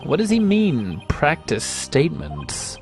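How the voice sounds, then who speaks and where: A man's voice: a little high, sing-song, takes it slowly, gravelly, soft background music, exaggerated voice. Guy reading a young lawyer from a game, kinda dry and skeptical, bouncy voice. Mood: wry. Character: earnest young male defense lawyer. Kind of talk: reading game dialogue aloud.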